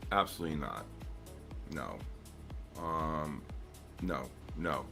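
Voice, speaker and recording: Deep voiced middle-aged guy rambling about trading, lots of ums, faint music in the back. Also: expressive, slow, vocal fry, pushed and bright. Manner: rambling storyteller, many fillers and restarts. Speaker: trader on a live stream. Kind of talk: casual chat.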